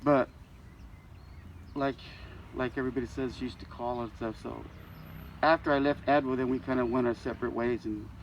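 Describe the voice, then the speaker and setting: Older man speaking at a church funeral, folksy, a storyteller who acts out dialogue, mid-pitched voice. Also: steady tone, normal speed, highs cut off, background noise. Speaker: eulogy speaker, friend of the deceased. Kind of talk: storytelling eulogy. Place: church service.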